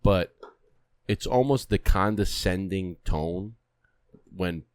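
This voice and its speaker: A man's voice: deep voice, slow pace, clean tone, no room sound, clean studio sound. A young man co-hosting a podcast, ranting bluntly with swearing in casual chat. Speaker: podcast co-host.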